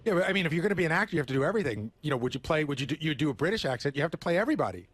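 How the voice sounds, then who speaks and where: Male show regular, very fast talker, lively pitch, emphatic. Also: breathy edge, no echo. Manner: rapid, emphatic interjections. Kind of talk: casual radio banter.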